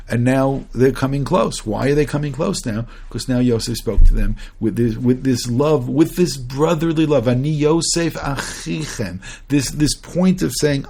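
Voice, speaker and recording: Gravelly, husky rabbi teaching Torah. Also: male voice, medium pitch, darkish tone. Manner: earnest, questions the audience, frequent restarts; chants Hebrew verses between English explanation. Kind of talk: conversational Torah lecture.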